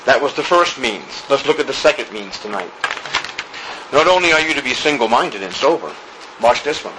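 Amid background noise, a man preaches a sermon during a church service. His pastor's voice is medium-pitched and expressive, and he hammers home his points emphatically, repeating phrases and stretching key words.

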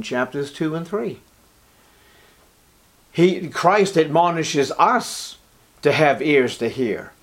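A man preaching a Bible sermon, emphatic and dramatic, sometimes dropping to a whisper. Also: fairly high pitch. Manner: emphatic, drops to a whisper for quoted lines.

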